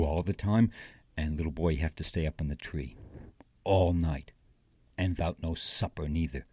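A man's voice: a bass voice, normal speed, pauses often, warm tone, no echo. A man recites a folksy tale in dialect, rambling and correcting himself like a child telling a story.

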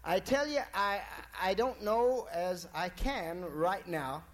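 A man's voice: high-pitched, slow, fairly bright tone. A man voicing a tough, stubborn old blacksmith with a folksy, bossy drawl.

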